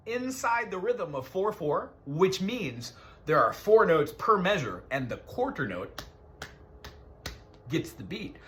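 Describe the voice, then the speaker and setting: A man's voice: high-pitched, very animated, slow, pauses often, pushed and bright. A man teaching a one-on-one music lesson, explaining patiently and counting beats aloud.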